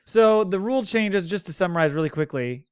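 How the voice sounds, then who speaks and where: A man co-hosts a casual podcast, with a smooth, clear voice pitched a bit high. He rambles through stories, swears freely and laughs often. The recording is close and dry. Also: animated, a little fast, no echo. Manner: rambling, profane, laughs a lot. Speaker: podcast co-host. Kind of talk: casual chat.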